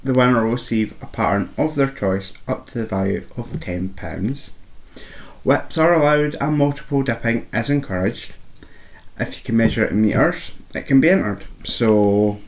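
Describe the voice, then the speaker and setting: A man's voice: medium pitch, normal speed. A man co-hosting a podcast who reads the rules in a playful, teasing way. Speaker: podcast co-host. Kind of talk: casual chat.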